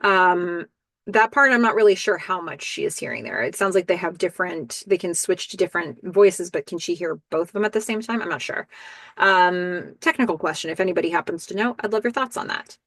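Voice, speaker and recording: A woman's voice: on the low side, animated, fairly quick, fairly bright tone, no echo. A woman hosting a podcast, chatting casually through a show recap and thinking aloud with ums and asides. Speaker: podcast host.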